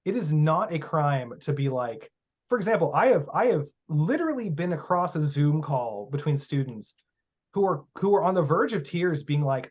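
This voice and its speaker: A man's voice: a little high, lively intonation, normal speed, darkish tone, slightly rough. A man talking as a guest teacher of magic in a casual podcast interview, blunt and profane, telling stories with emphasis. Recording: muffled lo-fi audio.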